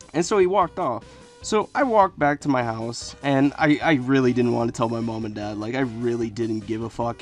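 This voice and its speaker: A teenage boy excitedly telling a profane personal story in casual speech. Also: medium pitch. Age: teens. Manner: profane, animated, excitable retelling.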